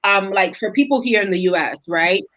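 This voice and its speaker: A woman's voice: medium pitch, lively intonation, fairly quick, fairly bright tone, poor audio. Young woman, talk show host, casual and chatty, filler-heavy. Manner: chatty, leans on "like" and "right?" tags. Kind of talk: casual chat.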